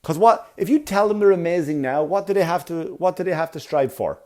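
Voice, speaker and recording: A man's voice: on the high side, expressive, brisk, darkish tone. A man hosting a solo comedy podcast, ranting with exasperated profanity and mocking little quoted voices. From Ireland. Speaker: podcast host.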